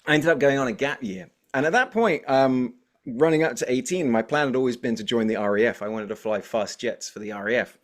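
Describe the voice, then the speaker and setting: An English man in his forties talks as a guest in a relaxed interview. He is energetic and talkative, and he tells his stories in a lively, animated way. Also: medium pitch, brisk. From England. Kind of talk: casual interview chat.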